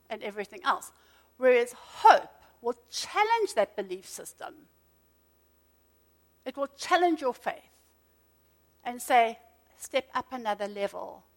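A middle-aged woman preaching a sermon, lively and conversational, with asides to the congregation. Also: on the high side.

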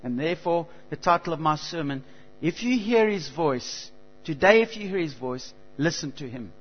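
A man preaching a sermon, earnest and halting, with frequent restarts and swells of emphasis. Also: on the high side, lively intonation. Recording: dull lo-fi recording with long hall reverb and mains hum.

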